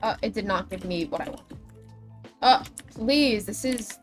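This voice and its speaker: A woman's voice: mid-range voice, measured pace. A young woman livestreaming a building game, chatting with her viewers in a dramatic, self-mocking way. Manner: chatty, dramatic, self-deprecating, talks to chat. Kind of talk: casual game stream chat. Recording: faint music behind.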